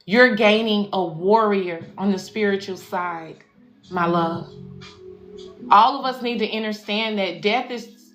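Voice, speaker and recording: This woman speaks at medium pitch with a slightly bright tone. A spiritual life coach and intuitive reader, she hosts a casual tarot livestream, swearing affectionately and calling viewers y'all and baby, while faint music plays in an echoey room.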